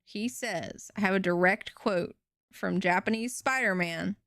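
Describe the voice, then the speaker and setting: A young woman streaming, retelling a show in an animated, rambling way with casual swearing. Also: mid-range voice, measured pace, no echo, clean studio sound. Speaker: VTuber streamer.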